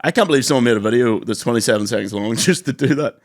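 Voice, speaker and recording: A man of middle pitch co-hosts a casual podcast, cracking jokes and laughing often. His voice is recorded close and dry on a studio mic. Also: racing, dry recording. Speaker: podcast co-host. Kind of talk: casual chat.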